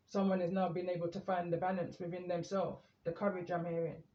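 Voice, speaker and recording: Guy doing a tarot reading, high kinda flat voice, echoey room, muffled sound. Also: brisk. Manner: calm, meandering, reading cards aloud. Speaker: tarot reader.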